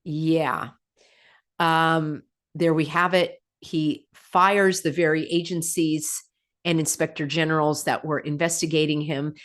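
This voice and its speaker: A woman hosting her own channel, talking casually to viewers and reading their comments aloud. She is sarcastic, fires off rhetorical questions with laughing asides, and her voice jumps up on mocking remarks. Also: slow. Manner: animated, pitch jumping up on mocking remarks. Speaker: channel host.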